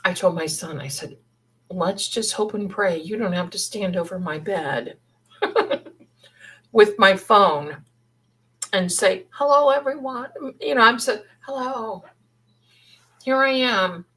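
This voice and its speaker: Middle-aged woman rambling on a livestream, slow and husky, lowish voice. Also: bright, forceful tone, poor audio. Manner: rambling, chatty, thinks aloud. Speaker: livestream host. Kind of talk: casual livestream chat.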